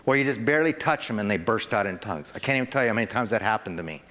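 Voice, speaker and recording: Guy preaching a sermon, gets loud and high when he acts stuff out, echoey church hall. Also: rapid-fire. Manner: animated, acts out parents and toddlers with rising pitch. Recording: long hall reverb.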